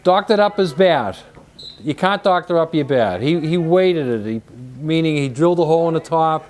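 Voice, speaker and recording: A man commentating a local high school lacrosse game, telling stories and chatting in the booth. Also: animated, moderate pace, darkish tone. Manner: chatty, storytelling, repeats words when starting. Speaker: sports commentator. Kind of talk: casual booth chat between plays.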